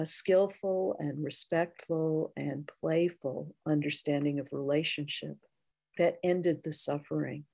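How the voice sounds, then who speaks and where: Slow, gravelly-voiced woman giving a dharma talk. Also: sits low, mellow, no echo. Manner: slow, reflective, with frequent pauses. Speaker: Zen teacher.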